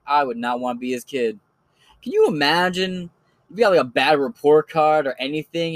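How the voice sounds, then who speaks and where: A man's voice: fairly high pitch, no echo. A man hosting a podcast, giving casual, rambling commentary that is loose, joking and full of swearing.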